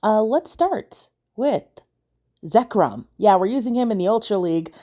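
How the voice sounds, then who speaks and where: A woman's voice: mid-range voice, expressive, measured pace, warm tone. A woman casually commentating her own video game battles, chatty and often unsure, thinking aloud with fillers. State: sleepy, yawning. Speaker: gaming channel host.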